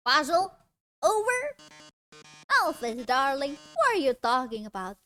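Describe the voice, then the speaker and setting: A woman's voice: high voice, sing-song, a little slow, bright, forceful tone, soft background music, voice pushed down, exaggerated voice. A woman voicing a flamboyant male robot TV star, speaking in a theatrical, showy way and calling others darling. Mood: gloating.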